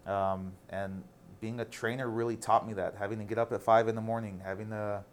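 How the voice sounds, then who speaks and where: A man's voice: lowish voice, level tone, brisk, slight background noise. A man in his thirties, a guest on a casual interview, telling stories candidly and animatedly, with some casual swearing.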